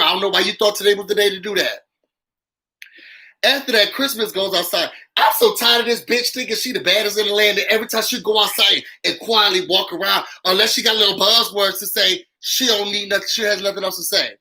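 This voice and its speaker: Sassy man with a bright voice. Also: high voice, fast talker, low-quality recording. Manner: sassy, dramatic, slangy; repeats lines for emphasis. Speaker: reality TV recap host. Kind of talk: casual live recap commentary.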